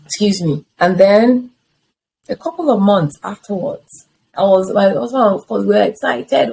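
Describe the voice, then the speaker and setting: A woman's voice: mid-range voice, moderate pace, gravelly, a little hiss or hum, poor audio. A woman in her fifties telling her personal story in an interview, acting out the conversations she had along the way. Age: 50s. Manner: animated storytelling that acts out past conversations. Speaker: interview guest.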